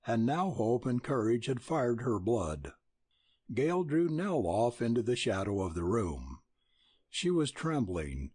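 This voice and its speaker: A male audiobook narrator reading in a measured, expressive way, slow and unhurried. His voice is husky, with a lively rise and fall in pitch, and sounds close and dry. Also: no room sound. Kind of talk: scripted narration.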